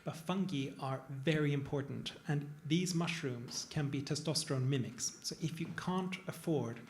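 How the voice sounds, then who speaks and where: A man's voice: fairly high pitch, normal speed, slight background noise. A man, a plastic surgeon, talking casually on a panel to a live audience, digressive and self-deprecating. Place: event room with an audience.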